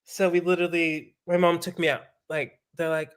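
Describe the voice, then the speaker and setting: A man on a podcast telling a story in a casual, profane, animated way. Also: high-pitched, fairly quick, clear, resonant tone. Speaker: podcast guest.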